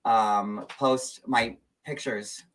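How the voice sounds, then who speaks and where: A man's voice: mid-range voice, steady tone, extremely slow, a bit bright, distant mic. Chatty male livestream host. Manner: chatty, meandering, many fillers. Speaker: show host. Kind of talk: casual gossip livestream.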